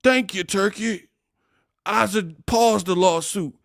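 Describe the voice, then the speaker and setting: A man's voice: sits high, slow, gravelly, no room sound, studio quality. A man hosting a casual boxing commentary rant, mocking and laughing as he talks. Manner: animated, mocking, laughs often.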